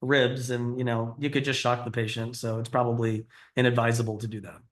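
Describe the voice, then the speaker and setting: A man's voice: mid-range voice, level tone, a little fast. A middle-aged man giving a conversational teaching lecture, explaining and quizzing his audience. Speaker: cardiology lecturer.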